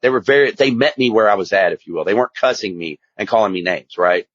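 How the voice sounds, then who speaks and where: A man's voice: fairly low pitch, fast talker, no echo. A man, a guest telling his story in a candid, rambling, emphatic way. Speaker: guest, addiction specialist and author. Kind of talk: casual storytelling interview. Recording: slightly muffled dry recording.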